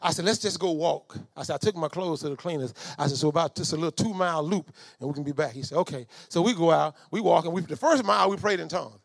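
A middle-aged man preaching a storytelling sermon, swinging from low asides to shouted commands. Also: quick pace, gravelly, few pauses, no echo, studio quality. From Southern United States.

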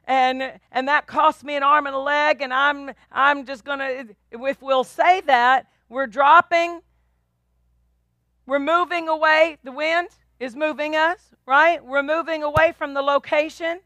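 Woman pastor, high bright voice, emphatic preaching with repeated calls for response. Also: fairly even intonation, measured pace, dry recording. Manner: emphatic, repetitive, call-and-response. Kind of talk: sermon.

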